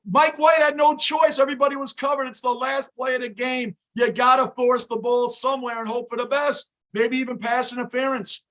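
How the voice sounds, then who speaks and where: Hoarse, excitable sports fan host. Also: male voice, a little fast, few pauses. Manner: excitable, shouts at the game, high emotion; chats with viewers by name, off topic. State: hoarse, voice worn out from yelling. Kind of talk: casual live reaction chat.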